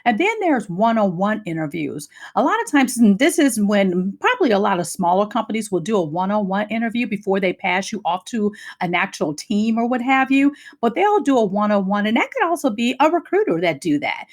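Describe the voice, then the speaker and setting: A middle-aged woman career coach giving an energetic talk on job interviews, her voice moving up and down. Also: medium pitch, brisk, few pauses. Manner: energetic, lively up-and-down delivery.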